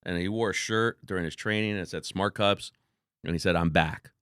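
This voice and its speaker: A man, a company founder, telling laid-back, animated stories as a podcast guest. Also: low voice, fairly quick, clean tone, no room sound, clean studio sound. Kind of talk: casual interview storytelling.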